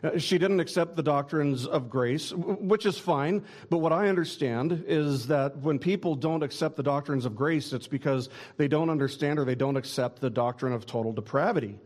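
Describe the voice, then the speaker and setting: A man's voice: on the high side, normal speed, hardly any pauses, darkish tone. A man preaching a sermon in an earnest way, often repeating a word as he starts a phrase. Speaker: pastor.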